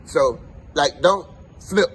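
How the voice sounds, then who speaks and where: A man's voice: fairly high pitch, takes it slowly, husky. A man speaking as a guest, rambling, slangy and profane. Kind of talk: casual street interview.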